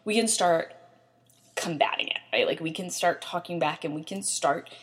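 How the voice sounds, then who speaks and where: A woman's voice: lowish voice, normal speed, breathy edge. A young woman hosting a podcast, giving self-help tips in a chatty way with many fillers. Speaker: podcast host. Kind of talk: casual self-help talk.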